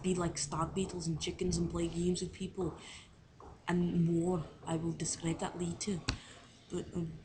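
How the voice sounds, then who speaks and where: Young woman, lowish voice, casual video diary, rambling, fillers, self-doubting. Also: noisy background. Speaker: drama student on placement.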